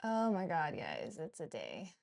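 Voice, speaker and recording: A middle-aged woman with a hoarse voice, a chef hosting her cooking show in casual livestream chat and swearing casually. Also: low-pitched, huge pitch swings, a little slow, a little mellow. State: hoarse, has lost her voice.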